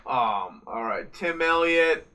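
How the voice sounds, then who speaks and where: A man's voice: medium pitch, expressive, slow, bright, forceful tone. A young American man co-hosting a podcast, chatting casually and swearing while watching a fight. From United States. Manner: rambling, swearing, joking. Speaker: podcast co-host. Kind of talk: casual late-night chat over a live fight.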